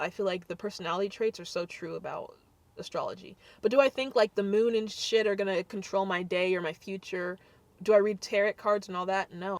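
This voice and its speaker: A woman's voice: medium pitch, fairly bright tone, dry recording. Blunt, sassy young woman vlogger. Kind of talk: casual vlog talk to camera.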